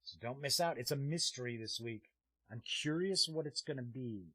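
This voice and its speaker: A man's voice: medium pitch, normal speed, sharp tone, husky, no room sound. A man hosting a live-streamed tabletop gaming show, chatting casually and rambling with frequent "uh" fillers as he reads viewer comments aloud. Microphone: streaming desk mic.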